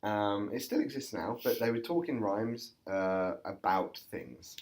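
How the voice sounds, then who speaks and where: Very low-voiced English woman hosting. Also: unhurried, darkish tone. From England. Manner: playful, quizzing. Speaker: podcast co-host. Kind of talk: casual chat.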